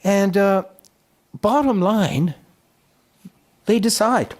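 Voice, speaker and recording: A middle-aged man lectures at a conference in a voice pitched a little above the usual for a man. He recounts history as a story, and often stops to restart a phrase or fill a pause. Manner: storytelling, recounting historical debates and quoting speakers in lively voices; frequent fillers and restarts.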